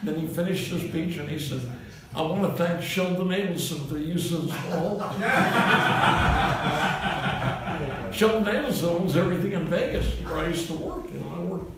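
Gravelly old man telling rambling stories. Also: on the high side, lively intonation, unhurried, over a noisy crowd. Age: 80s. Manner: chuckles at his own punchlines. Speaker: comedian. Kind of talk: rambling anecdotal monologue. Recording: roomy, distant mic, faint hiss.

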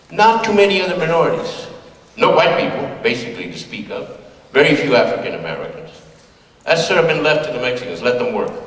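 A man's voice: medium pitch, fairly bright tone. An older man from California telling personal stories to an audience in a folksy, conversational way, laughing now and then at his own jokes. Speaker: speaker giving a talk. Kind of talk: storytelling talk to an audience. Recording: echoey hall, voice from far off.

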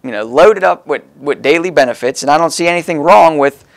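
A man's voice: on the high side, brisk, gravelly. A man preaching a sermon in a folksy, conversational way, stressing key words as he explains the text.

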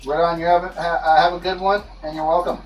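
Easygoing male streamer, slightly high voice, heard from across a boomy room. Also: level tone, fast talker. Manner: laid-back, rambling with many fillers. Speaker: livestream host. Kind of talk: casual livestream chat. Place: indoor grow room. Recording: echoey room, voice far from mic, faint music.

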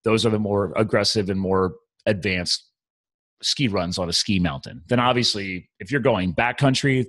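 A man's voice: fairly low pitch, moderate pace, fairly bright tone, dry recording. A man hosting a podcast, chatting with a guest in an enthusiastic, rambling way. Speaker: podcast host. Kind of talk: casual interview chat.

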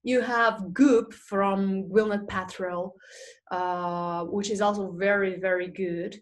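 A woman's voice: mid-range voice, steady tone, takes it slowly, faint music behind. A woman presenting a webinar, reading out audience questions and answering them in a chatty way with many fillers. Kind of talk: live webinar Q&A. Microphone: small video mic or phone.

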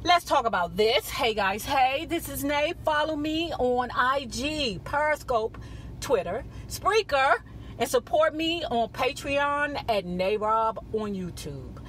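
Woman gossip vlogger, sassy and profane, bright, high voice, faint noise behind. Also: lively intonation, takes it slowly. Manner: sassy and profane, with frequent "child" and "baby". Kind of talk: casual gossip commentary. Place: not on camera, audio-only.

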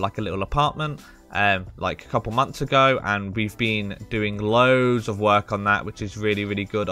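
A young man chatting casually as he comments on his game loot. He talks excitably and fills his speech with ums and "man.". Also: medium pitch, clean tone. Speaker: gaming video creator.

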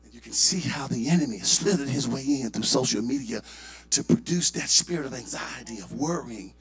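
A male pastor with a Southern US accent, preaching a sermon and building to shouted fervor. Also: medium pitch, expressive, brisk, creaky, crowd noise.

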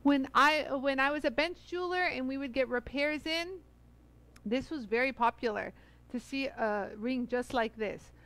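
At normal speed and in a high, fairly bright voice, a woman from the Los Angeles area hosts a live jewelry-tool stream. Seated at a studio bench under bright lights, she chats casually and gives viewers effusive one-by-one greetings.

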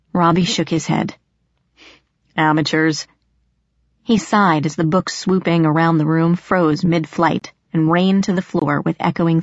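Woman reading a fantasy audiobook, expressive storytelling, dry close sound, bit muffled. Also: deep voice, creaky, no room sound. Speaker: audiobook narrator. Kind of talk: first-person audiobook narration.

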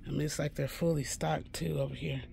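A man's voice: fairly high pitch, steady tone, brisk, vocal fry, a little mellow, a little hiss or hum. A man giving a casual shopping walkthrough inside a pharmacy store, chatty and correcting himself as he repeats the prices. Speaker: shopping vlogger.

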